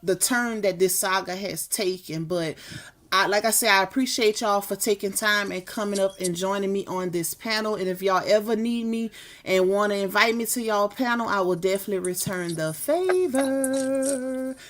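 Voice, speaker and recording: A woman's voice: medium pitch, normal speed. A woman hosting a livestream, signing off in a casual, chatty way, often repeating words as she thanks guests and viewers. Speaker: livestream host.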